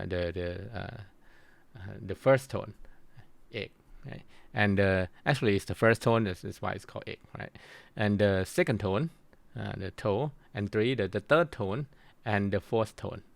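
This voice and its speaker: A middle-aged man giving a university lecture, halting with many restarts and fillers. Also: on the low side, gravelly, fairly bright tone, clean tone, no room sound.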